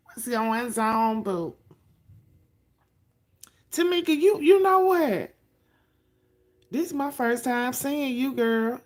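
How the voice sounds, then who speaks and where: Sassy woman chatting on a livestream. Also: a little high. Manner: sassy, profane, greets viewers by name. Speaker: livestream host. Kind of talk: casual livestream chat.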